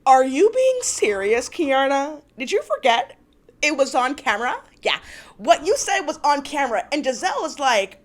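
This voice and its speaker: A woman's voice: sits high, sing-song. A woman hosting a reality TV recap vlog, ranting in a profane, exasperated way and acting out the cast's lines. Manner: acts out cast members' lines in quick voices. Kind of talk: casual recap and commentary.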